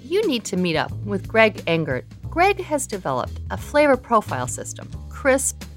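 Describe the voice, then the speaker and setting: A woman's voice: on the high side, huge pitch swings, moderate pace. A woman radio host gives polished, scripted introductions of guests and segments. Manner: smooth, polished read of introductions. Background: faint music bed.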